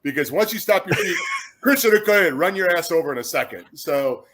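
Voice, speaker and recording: A man in his fifties from Chicago, a former football player, telling lively anecdotes as an interview guest and acting out other people's words. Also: on the high side, a little fast. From Chicago, USA. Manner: animated storyteller who acts out quotes, with frequent restarts.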